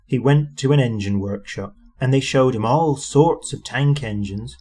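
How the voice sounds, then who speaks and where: A man reading a children's story aloud with expressive, animated narration. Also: mid-range voice, a little slow, husky.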